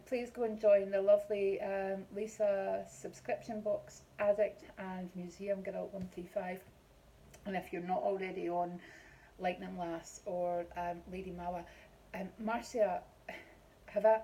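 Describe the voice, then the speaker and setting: A middle-aged woman with a Scottish accent chats loosely through a makeup unboxing, rambling and filling pauses with ums. Her voice is soft and mellow. A faint hiss sits under the recording. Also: mid-range voice, low-quality recording. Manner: chatty and rambling, with many ums. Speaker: beauty vlogger. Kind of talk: casual unboxing chat.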